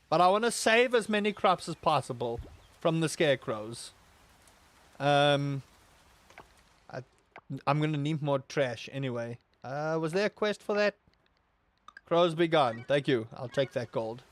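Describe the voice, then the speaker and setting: A young gaming YouTuber with a fairly high voice and no echo chats while he plays. He rambles and exaggerates as he tells stories, animated throughout, with loud outbursts and stray asides.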